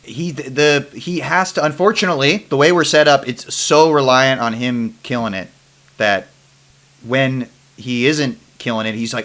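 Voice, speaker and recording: A man's voice: medium pitch, moderate pace, fairly bright tone. A man hosting a casual sports podcast, rambling with restarts and trailing off as he reads listener questions. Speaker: podcast host. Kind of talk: casual chat.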